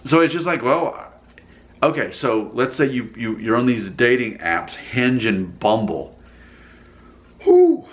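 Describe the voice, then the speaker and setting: A man's voice: medium pitch, normal speed, a bit bright. A man casually rambling as he reacts to viewer comments in his vlog, often breaking into laughter.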